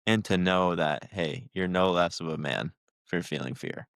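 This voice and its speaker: A man's voice: low voice, normal speed, gravelly, a bit bright, no echo, studio quality. A man on a podcast casually telling a short story.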